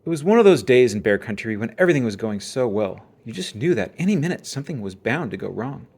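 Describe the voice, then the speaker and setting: Lively expressive children's book reader. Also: mid-range voice, quick pace, breathy edge. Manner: expressive, storytelling. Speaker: storybook reader. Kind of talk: children's read-aloud.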